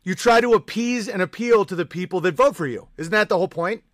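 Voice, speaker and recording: A man's voice: sits high, brisk, few pauses, a bit bright, no echo, studio quality. A male livestream host ranting in casual talk, profane, combative and sarcastic. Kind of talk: ranting live-stream chat.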